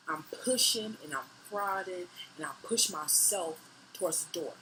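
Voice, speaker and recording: A woman's voice: lowish voice, normal speed, few pauses, bright, forceful tone, a little hiss or hum, poor audio. A woman in her twenties animatedly recounting a personal story on camera, swearing freely and acting out her own lines. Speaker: vlogger. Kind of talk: storytime monologue.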